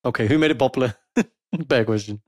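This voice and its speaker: Male podcast co-host, brisk and teasing, on a dry close mic. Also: mid-range voice, dry recording. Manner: teasing, animated storyteller, playful put-on quotes. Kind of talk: casual chat.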